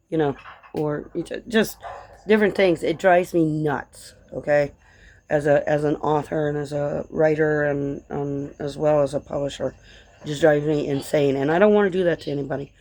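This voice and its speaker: A woman who grew up in Colorado, talking casually in a rambling vlog chat that drifts between tangents and gentle encouragement. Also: sits low. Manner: chatty, tangent-prone, encouraging. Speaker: vlogger and author.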